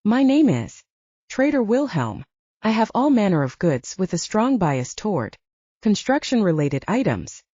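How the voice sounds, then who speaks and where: A woman's voice: mid-range voice, very animated, unhurried, mellow, dry recording, highs cut off. A woman voicing an overly cheerful, sing-song male wandering trader who speaks formally. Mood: cheery. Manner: sing-song, much too happy, formal.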